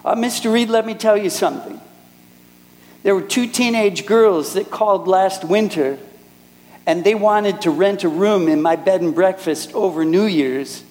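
A man's voice: high voice, measured pace, a little mellow, long reverb tail, low-quality recording. A man quoting a chatty older innkeeper woman. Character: chatty older woman who runs a bed and breakfast.

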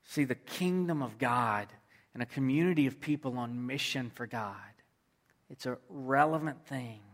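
A man's voice: mid-range voice, moderate pace. A man preaching a sermon, telling a story and repeating phrases for emphasis. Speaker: pastor.

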